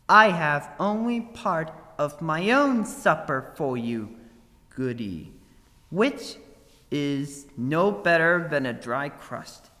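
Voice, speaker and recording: A man's voice: fairly high pitch, expressive, slow, bright, forceful tone, big-room sound, exaggerated voice. A man voicing a meek, humble young Cinderella in a storybook reading. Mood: kindly. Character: young kitchen girl Cinderella, meek and gentle.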